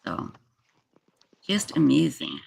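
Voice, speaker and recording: A livestream host talks casually in a rambling, relaxed way, often trailing off. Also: medium pitch, slow, creaky, slight background noise.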